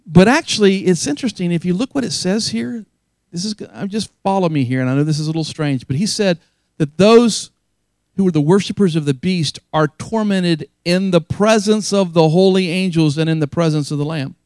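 A man's voice: high voice, a little fast, darkish tone, no echo. A man preaching a sermon as pastor, earnest and emphatic, often repeating key phrases for weight.

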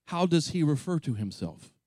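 The pastor's slightly mellow voice is very animated as he preaches at a moderate pace, recorded with no echo. Passionate and emphatic, he drops chatty asides to the congregation and surges to high peaks while quoting scripture.

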